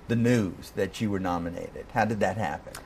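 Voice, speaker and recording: A man interviewing a guest in a relaxed chat, laughing often and giving warm praise. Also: low voice, moderate pace, slight background noise.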